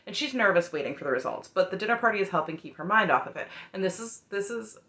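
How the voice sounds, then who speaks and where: A woman's voice: mid-range voice, lively intonation, fast, pushed and bright, echoey room. A woman giving an opinionated, sarcastic recap of a reality show in a chatty, heated way. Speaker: recap host.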